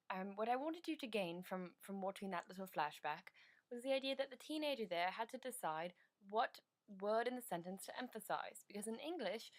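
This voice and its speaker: Woman giving an exasperated lesson. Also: on the high side. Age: teens. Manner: exasperated, lecturing. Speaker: student playing a teacher. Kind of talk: school project lesson skit.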